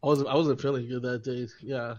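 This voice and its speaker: A man's voice: medium pitch, level tone, fairly quick, darkish tone. A man co-hosting a podcast in casual chat, rambling through stories and giggling as he goes. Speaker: podcast co-host. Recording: slightly dull lo-fi sound.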